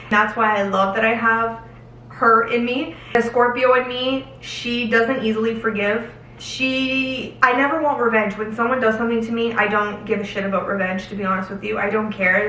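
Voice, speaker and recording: A young lifestyle vlogger answers viewer questions to camera in a casual, emotional, candid chat, stretching out words for emphasis. Her medium-pitched voice is steady, moderately paced, and sharp in tone. The recording has a little hiss or hum and a roomy echo, with her slightly distant from the mic.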